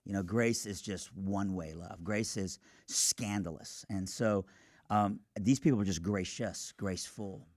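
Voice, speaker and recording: A man who is a guest on a radio show, telling his personal testimony in an animated, earnest way. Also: low-pitched, dry recording, clean studio sound. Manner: animated, earnest, quick asides. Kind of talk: storytelling testimony. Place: radio studio.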